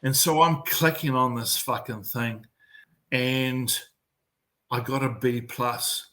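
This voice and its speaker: In a slow, medium-pitched voice, a New Zealand mental performance coach in middle age shares stories during a relaxed podcast conversation. He's blunt, swears a lot, and his accent marks him as a Kiwi, while his delivery stays animated.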